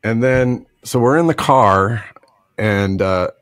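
A man's voice: medium pitch, slow, no echo. A middle-aged man casually telling a story on a podcast, laughing often and acting out the other people in it with a put-on drawl.

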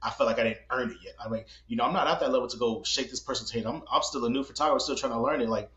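A man hosting a podcast, playful and joking, telling stories quickly. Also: mid-range voice, fairly bright tone. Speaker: podcast host. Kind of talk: casual interview chat. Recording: roomy, muffled sound.

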